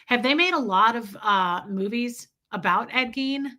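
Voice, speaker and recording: A woman's voice: fairly high pitch, measured pace, pushed and bright. A young adult woman hosting a casual livestream, chatting emphatically and reading viewer super chats. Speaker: livestream host.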